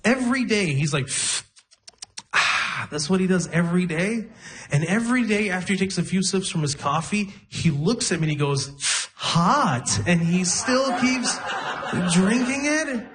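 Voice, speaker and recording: A young man doing a stand-up set, telling wry, self-deprecating stories and slipping into quick character voices. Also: high-pitched, lively intonation. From Arab region. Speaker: stand-up comedian. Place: comedy stage with a laughing audience.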